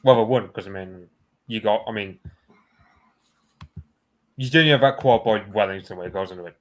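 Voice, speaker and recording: A man's voice: fairly low pitch, moderate pace. A man in a casual chat who thinks aloud, hesitant and full of fillers.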